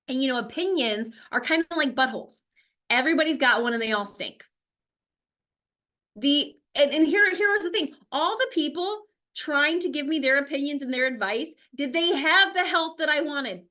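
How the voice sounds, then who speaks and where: A woman's voice: high voice, normal speed, bright, forceful tone. A woman host giving a blunt, emphatic motivational talk, firing off rhetorical questions. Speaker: host, health coach.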